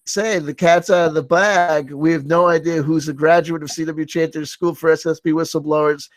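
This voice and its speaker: A man hosting a live-streamed group chat, reading out votes with excitable, theatrical exclamations. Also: on the high side, brisk, few pauses, soft background music. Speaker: livestream host.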